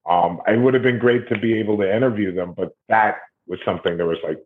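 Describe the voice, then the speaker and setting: Low-voiced middle-aged man on a tinny line. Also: fast. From Ohio, US. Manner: rambling, animated retelling with acted quotes. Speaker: documentary series host. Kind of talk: casual interview conversation. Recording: tinny phone-like audio.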